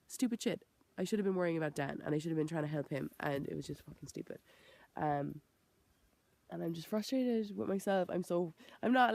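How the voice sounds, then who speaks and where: A woman's voice: sits low, creaky, a little mellow, dry recording. A woman with an Irish accent and a chest infection, talking in a rambling, frank vlog monologue full of "like" and self-corrections, swearing freely. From Ireland. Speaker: vegan vlogger.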